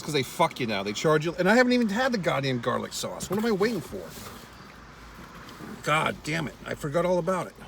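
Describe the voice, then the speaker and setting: A man with a voice a little higher than most talks to his viewers from a car while he eats. He rambles and swears freely, with wry asides to the audience. A faint hum of background noise sits under his voice. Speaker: vlogger. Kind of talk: casual eating vlog rant.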